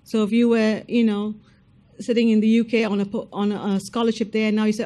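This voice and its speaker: A woman's voice: mid-range voice, fairly even intonation, fairly quick, mellow. A woman presenting at an information session, speaking directly and emphatically to applicants and checking in with them often. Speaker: scholarship program presenter.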